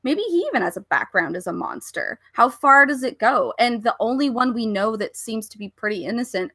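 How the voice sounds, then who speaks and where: Woman, podcast co-host, fairly high voice, blunt and casual, dry close sound. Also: expressive, a little fast, a bit bright, no echo. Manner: blunt, swears freely. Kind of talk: casual roundtable discussion.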